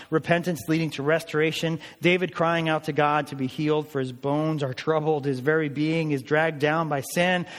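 A man's voice: a little high, in a large hall. A man preaching a sermon as a pastor, earnest and emphatic, his voice rising on pleading passages.

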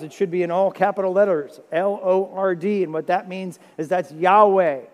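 A man pastor preaching a sermon, swinging dramatically between loud pleading and hushed, intimate stretches. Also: sits high, long reverb tail.

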